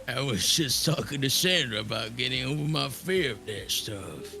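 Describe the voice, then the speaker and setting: Man reading a gravelly, hesitant barista. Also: mid-range voice, animated, normal speed, music in the background. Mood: mild. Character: calm cafe barista, mild and a bit shy.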